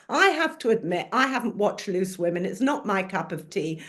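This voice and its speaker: A woman's voice: medium pitch, very animated, moderate pace, few pauses, a bit bright. An older woman on a discussion panel, talking animatedly and telling anecdotes. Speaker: panel guest.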